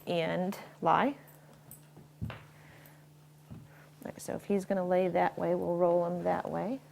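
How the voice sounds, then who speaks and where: A woman dog trainer demonstrating at home, giving short firm commands and quick praise while explaining each step. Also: medium pitch, creaky, darkish tone, slight background noise. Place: home, indoors.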